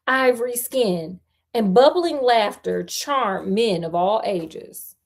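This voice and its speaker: Slow, chatty woman storyteller. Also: medium pitch, animated. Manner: chatty, with playful slangy asides. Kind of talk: reading a ghost story aloud.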